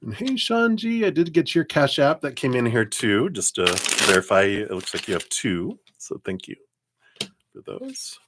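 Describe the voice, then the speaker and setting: A man's voice: medium pitch, sing-song, moderate pace, very noisy. A man doing a live-stream tarot card reading, rambling with many fillers, self-corrections and frequent laughs. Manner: laughs often between remarks.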